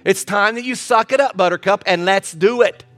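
A middle-aged man, a pastor, preaching with humor, swinging between loud outbursts and quiet moments. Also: high-pitched, normal speed, no room sound. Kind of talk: sermon.

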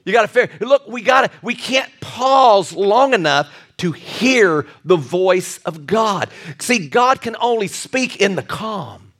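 A male pastor preaching a lively sermon with jokey asides and repeated restarts. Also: high-pitched, slow, few pauses.

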